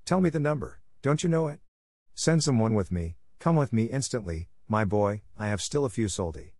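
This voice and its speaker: A man's voice: lowish voice, lively intonation, moderate pace, a little mellow, no echo, clean studio sound. A man voicing a desperate young Italian boy who pleads urgently for news of his mother.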